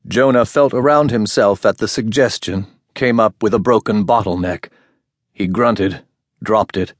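Male audiobook narrator, low, measured voice, dry close studio sound. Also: no room sound. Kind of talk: scripted narration.

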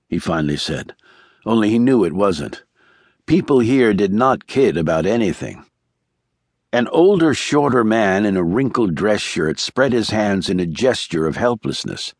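A man narrating a thriller audiobook in a measured, even storytelling manner. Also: lowish voice, no echo, clean studio sound.

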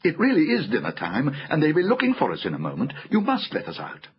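Anxious young boy voiced by a man, raised and husky, urgent; muffled audiobook with faint music. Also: on the high side, huge pitch swings, fast, pitched above the performer's own voice, full character voice. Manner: urgent, pleading.

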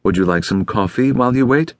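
A man voicing a quick-witted young female receptionist who talks in a cheerful, wisecracking way, in an audiobook. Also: medium pitch, dry recording, clean studio sound, pitched above the performer's own voice, natural voice. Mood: wry. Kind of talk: audiobook character voice.

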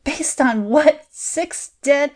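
A woman's voice: medium pitch, very animated, normal speed. A woman voicing a betrayed, defiant young woman in an audiobook, speaking in a strained, pleading way. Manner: strained, pleading and spitting back.

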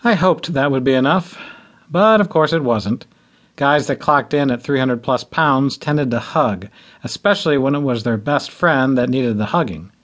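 A man narrating a first-person audiobook with a wry, deadpan touch and a mid-range voice. The reading is steady and measured. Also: medium pitch.

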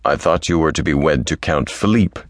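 A stern Viking warlord, as a male narrator puts him on, very deep and slow, commanding with a hidden tenderness. The audiobook sound is dry and close. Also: dry recording. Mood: sharp. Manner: low, measured and commanding.

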